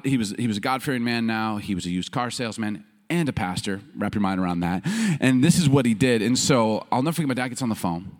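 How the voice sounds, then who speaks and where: A man from Chicago and Baltimore preaching as a pastor, telling a story with frequent laughter and loud bursts. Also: mid-range voice. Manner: animated, laughing often, rising to loud bursts. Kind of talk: sermon storytelling.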